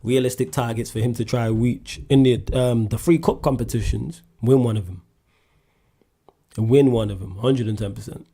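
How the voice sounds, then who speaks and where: A man hosting a solo sports question-and-answer show, talking in a blunt, animated way and climbing sharply in pitch when he drives a point home. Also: moderate pace, slightly rough. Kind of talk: casual sports chat.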